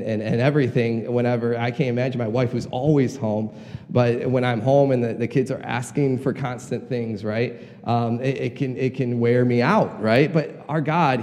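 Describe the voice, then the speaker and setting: A man's voice: medium pitch, dark tone. Earnest male preacher in a reverberant hall. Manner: earnest, repeats words, rises when stressing a point. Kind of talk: sermon.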